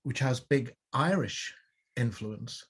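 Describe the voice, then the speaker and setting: Older Liverpool-accented male co-host, husky, digressive and playful. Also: medium pitch, slow pace, a bit bright. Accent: Liverpool English. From Liverpool, England. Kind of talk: casual chat.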